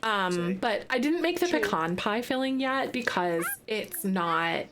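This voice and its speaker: Chatty woman streamer, excitable. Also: mid-range voice, a little slow, background noise. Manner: chatty, lots of fillers, excitable bursts. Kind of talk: casual live-stream chat.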